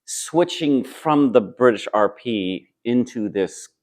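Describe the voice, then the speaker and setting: A man's voice: mid-range voice, animated, takes it slowly, a little mellow. A man who acts on stage, answering interview questions in a friendly, thoughtful way with a clip-on microphone. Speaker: stage actor.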